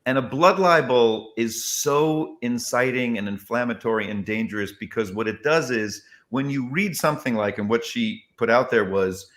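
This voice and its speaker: Male comedian, emphatic, expressive storyteller, interview guest, mid-pitched voice. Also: moderate pace, few pauses. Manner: expressive, emphatic, acts out quotes.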